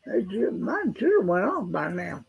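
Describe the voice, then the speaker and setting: A man's voice: sits high, very animated, moderate pace, creaky, breathy edge, low-quality recording. A man co-hosting a live stream, chatting in a folksy, rambling way and restarting his sentences. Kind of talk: casual live-stream chat.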